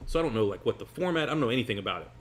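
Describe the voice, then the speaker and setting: A man in his forties, a magician guest telling a long story over a meal in an animated, rambling way with laughs between phrases. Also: medium pitch, rapid-fire. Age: 40s.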